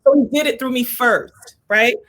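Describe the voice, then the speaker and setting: High-voiced earnest woman host. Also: moderate pace, a bit bright. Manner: earnest and emotional, speaks in prayerful tones. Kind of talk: heartfelt conversation.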